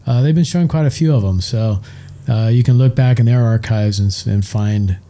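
A man's voice: mid-range voice, fairly quick, warm tone. A man co-hosting a casual chat show, rambling and enthusiastic as he talks. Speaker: co-host, show's chief engineer.

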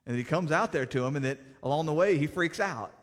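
A man preaching a sermon, animated, rising loud and dropping soft as he teaches from scripture. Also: fairly high pitch, fast, in a large hall. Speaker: pastor.

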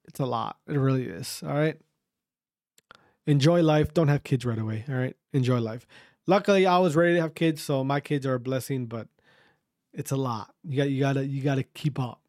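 A man's voice: medium pitch, moderate pace, darkish tone, dry recording, studio quality. A man in his thirties hosting a podcast, chatting casually in a rambling, profane manner full of restarts. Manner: rambling, profane, self-interrupting. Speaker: podcast host.

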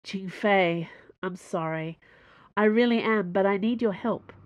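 A woman's voice: medium pitch, unhurried, no echo, highs cut off, close to an everyday voice. A woman doing an anxious pleading husband. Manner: pleading, urgent.

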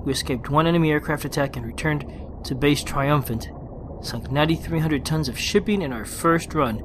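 This podcast host's voice is a little high, set against a noisy background. Alone on his gaming show, he chats conversationally with quick restarts and then reads out a war story as a session report, plainly and with no accents.

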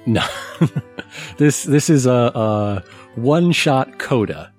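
A man hosting and running a tabletop game, setting scenes in an unhurried way with many fillers. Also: mid-range voice, animated, darkish tone, husky, faint music behind. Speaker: game master and host.

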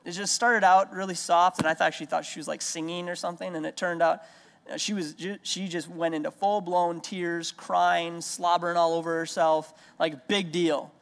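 A man's voice: a little high, little pitch movement, normal speed, creaky, a bit bright. A man in his thirties preaching an earnest sermon, repeating key lines for emphasis and telling everyday stories. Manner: storytelling with everyday anecdotes. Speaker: pastor. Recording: long hall reverb.

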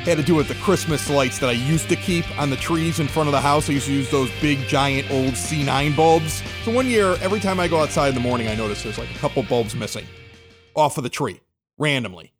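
A man's voice: fairly quick, over music. A middle-aged man from the Chicago area hosting a local podcast, telling a story casually and acting out the quotes. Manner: animated, acts out quotes with big pitch jumps. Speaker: podcast host.

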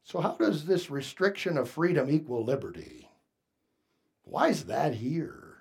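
A man preaching a sermon, moving from quiet asides to raised, emphatic lines and asking the congregation questions. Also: a little high, very animated, measured pace, vocal fry, breathy edge. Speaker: pastor.

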